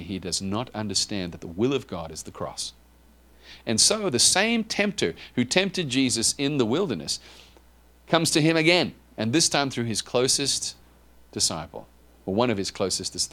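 A man with a mid-range voice preaches a sermon conversationally and with animation, addressing asides to the congregation and frequently beginning again.

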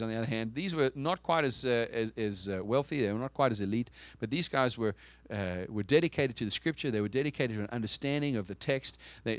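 A man's voice: mid-range voice, no room sound. A man preaching a sermon in a conversational, emphatic way, asking the listeners questions and often restarting his sentences. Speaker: pastor.

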